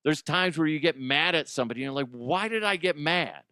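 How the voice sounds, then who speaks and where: A man's voice: on the high side, animated, a little fast, bright, forceful tone, no echo, studio quality. A middle-aged man hosting a radio show, telling stories in a profane, self-deprecating, rambling way. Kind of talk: casual comedic talk radio monologue.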